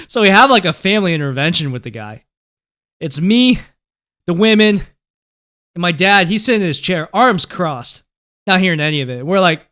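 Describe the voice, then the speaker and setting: A man's voice: high-pitched, animated, moderate pace, pauses often, fairly bright tone. A man hosting a crypto news show, rambling casually with lots of fillers, some swearing and frequent laughs. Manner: rambling, filler-heavy and profane, often laughing. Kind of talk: casual commentary and storytelling.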